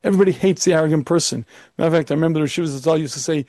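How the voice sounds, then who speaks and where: A man's voice: on the high side, rapid-fire, a little mellow, no room sound. A man giving an emphatic Torah lecture as a rabbi, firing off rhetorical questions and now and then putting on a pompous, arrogant voice.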